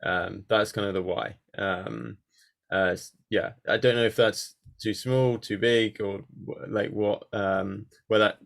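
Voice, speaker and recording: Workshop host, male, low and gravelly, hesitant and filler-heavy delivery. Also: fairly even intonation, measured pace. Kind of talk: casual online workshop chat. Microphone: video call.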